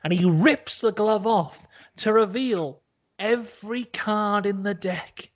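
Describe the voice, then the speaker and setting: A man hosting a podcast, telling a long absurd story in an animated, rambling, profane way. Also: sits high, takes it slowly. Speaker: podcast host. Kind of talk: comic storytelling.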